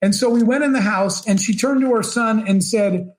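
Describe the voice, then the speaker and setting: High-voiced man telling an emotional story. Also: moderate pace, hardly any pauses. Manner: emotional storytelling, acts out quoted dialogue. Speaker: keynote speaker. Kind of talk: storytelling talk. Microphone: video call.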